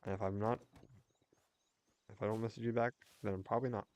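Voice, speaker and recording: A young man chatting casually while livestreaming a game, telling a rambling story with quick restarts. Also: lowish voice, fairly even intonation, darkish tone. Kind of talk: casual chat while gaming.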